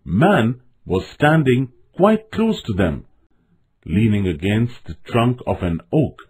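A man narrating a children's storybook in an expressive, measured way. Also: medium pitch, breathy edge.

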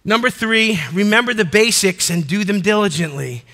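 A middle-aged man preaching with fervor from the pulpit of a church, his voice pitched very high for a man. The tone is sharp and bright, and he pushes into shouted calls to action, then drops back to plain talk with his listeners. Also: lively intonation, normal speed. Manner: fervent preaching, bursts of shouted exhortation. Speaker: pastor. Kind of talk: sermon. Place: church sanctuary before a congregation.

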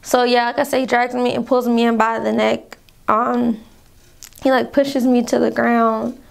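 A woman's voice: a little high, little pitch movement, measured pace, vocal fry. A young woman telling a painful personal story to her viewers in a vlog, rambling, calling them y'all, fighting back tears. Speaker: vlogger.

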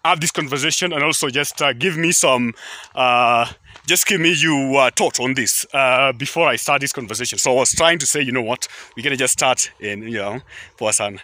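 A man's voice: mid-range voice, brisk, sharp tone. A man from Kenya with a Kenyan accent, English not his first language, chatting to camera outdoors in a rambling way with many fillers and restarts. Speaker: YouTube vlogger. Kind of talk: casual chat to camera. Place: outdoors near a highway.

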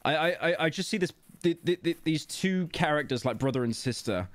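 A man's voice: a little high, expressive, a little fast, a bit bright. A young British man streaming a game, talking casually to his chat with sarcasm and frequent swearing. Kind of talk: casual gaming commentary.

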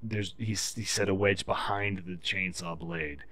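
A man's voice: sits low, fairly even intonation, measured pace, sharp tone, no echo. A man in casual podcast chat, telling a profane story and explaining tree felling in technical detail. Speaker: podcast guest.

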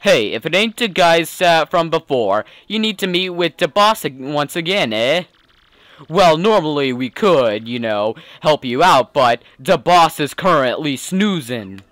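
A man voicing a gruff male mobster henchman who talks in tough-guy gangster slang. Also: a little high, very animated, unhurried, a bit bright, no room sound. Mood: matter-of-fact.

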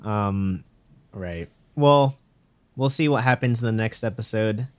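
A man hosting a casual podcast chat, moving between topics in a relaxed way with hesitant fillers. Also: lowish voice, a little slow, smooth. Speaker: podcast host.

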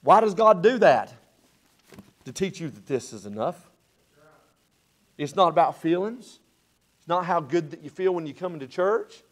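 A high-pitched man delivers a sermon from a church pulpit. His preaching comes in loud, rising bursts. Then he sinks to a low, quiet tone. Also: expressive, normal speed, pauses often. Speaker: pastor.

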